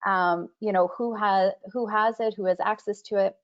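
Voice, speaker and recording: A woman's voice: mid-range voice, steady tone, moderate pace. A woman on a webinar panel talking about records and privacy in a conversational way, with many fillers and restarts. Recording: muffled video call audio.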